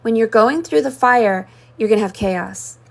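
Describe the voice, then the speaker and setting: A woman's voice: on the high side, lively intonation, normal speed, creaky. A woman hosting a live-stream scrying session, talking in a rambling, mystical way that jumps from symbol to symbol. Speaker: spiritual reader.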